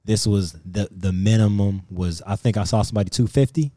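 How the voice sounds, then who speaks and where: A man's voice: lowish voice, fairly quick, dry recording, studio quality. A man on a podcast, casually telling a profane story and acting out what people said. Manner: profane, animated storyteller who acts out quotes. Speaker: podcast co-host.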